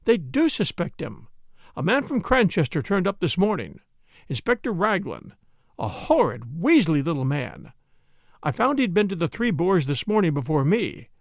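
A man's voice: fairly high pitch, big pitch swings, normal speed, no echo, clean studio sound. A man voicing an earnest, defiant young woman who pleads insistently in an audiobook reading.

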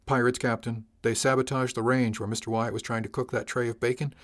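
A man's voice: medium pitch, level tone, fairly quick, close to an everyday voice. Man voicing a stiff young officer reporting. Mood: formal.

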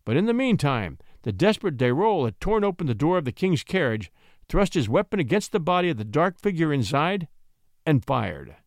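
Expressive male narrator of classic stories, slightly higher voice, wide swings. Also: a little fast, no echo, studio quality. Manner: dramatic, expressive storytelling. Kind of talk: audiobook narration of a classic story.

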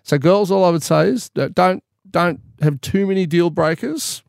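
A man's voice: high voice, moderate pace, creaky, no echo, studio quality. Man in his fifties chatting. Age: 50s. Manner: rambling, jokey, stumbles and repeats words. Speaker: podcast co-host. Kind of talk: casual chat.

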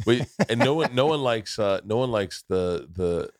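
A man hosting a casual podcast chat, talking in a loud, jokey, profane way. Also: on the low side, animated, unhurried, dry recording, clean studio sound.

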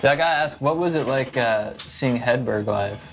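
A man's voice: mid-range voice, moderate pace, background noise. A male guest in a casual chat who rambles a little and restarts his sentences.

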